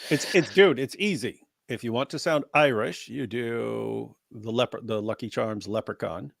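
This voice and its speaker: Joking, animated man co-hosting. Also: medium pitch, measured pace, creaky, no echo, clean studio sound. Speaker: co-host of a live talk stream. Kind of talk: casual live-stream chat.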